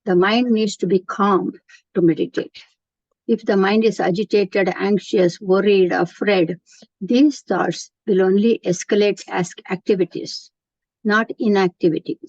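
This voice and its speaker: A woman's voice: medium pitch, steady tone, a little slow, a little mellow, no echo. A woman giving an earnest, explanatory spiritual lecture, often restarting her sentences. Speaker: Gita teacher. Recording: dull, dry lo-fi recording.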